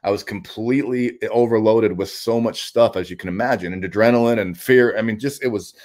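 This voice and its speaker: A man with a somewhat low voice tells his story to an interviewer. His delivery is raw and intense, full of false starts and repeated words, and he swears bluntly as he goes. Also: a little mellow. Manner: halting, with frequent restarts and repeated words; blunt and profane. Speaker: guest.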